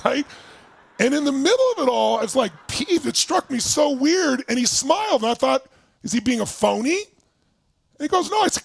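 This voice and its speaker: A middle-aged man telling a story to an audience, acting out his partners' voices and shouting when he quotes anger. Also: very high voice, a little fast. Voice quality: gravelly, husky voice. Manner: animated, shouting while acting out angry quotes. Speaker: motivational speaker.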